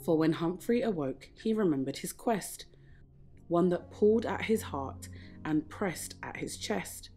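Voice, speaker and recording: Brief: a gentle woman reading a rhyming children's story unhurriedly over quiet music. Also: on the low side. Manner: slow, gentle, measured reading. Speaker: storybook reader. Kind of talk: rhyming picture-book read-aloud. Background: soft background music.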